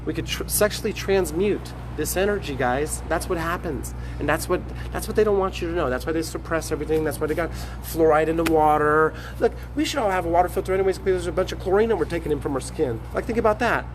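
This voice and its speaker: A man ranting in a rambling, profane, preachy vlog monologue, talking excitedly to his phone camera. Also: on the high side, quick pace, few pauses, background noise. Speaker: vlogger. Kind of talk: rambling selfie-video monologue. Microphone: phone on a tripod.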